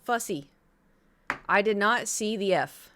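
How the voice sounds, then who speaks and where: A woman talks to her live stream chat in a loose, rambling way, piling one aside onto the next. Her voice sits at an ordinary middle pitch. She sounds casual and animated. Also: slow pace, slight background noise. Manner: chatty, rambling, animated retelling.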